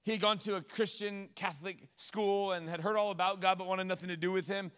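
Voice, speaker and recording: A man preaching as a pastor, telling stories in his sermon with animated delivery and joking asides. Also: high voice, brisk, clear, resonant tone, big-room sound. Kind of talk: storytelling sermon.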